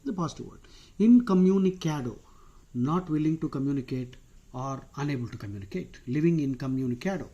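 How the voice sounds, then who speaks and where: A man's voice: on the high side, animated, fairly quick, dark tone, lo-fi sound. A man with an Indian accent teaching vocabulary in a casual, chatty way, wandering into asides and using frequent "uh" fillers. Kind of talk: casual explanatory lesson.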